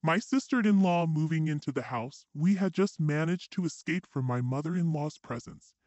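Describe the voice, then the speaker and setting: Man narrating a dramatic story, lively pitch. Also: normal speed, no room sound, dull audio. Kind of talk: scripted first-person story narration.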